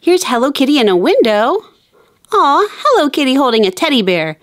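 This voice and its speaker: A young adult woman hosting a kids' toy video, narrating in a bubbly, excited, sing-song way. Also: high voice, normal speed, no room sound, studio quality. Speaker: host.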